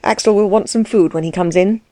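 A woman's voice: mid-range voice, a little fast, dark tone, no room sound, natural voice. A woman reading as a commanding old princess. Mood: imperious.

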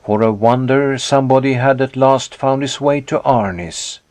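A man reading a story aloud in a measured, plain narration. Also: mid-range voice, darkish tone, no room sound. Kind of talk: scripted audiobook narration.

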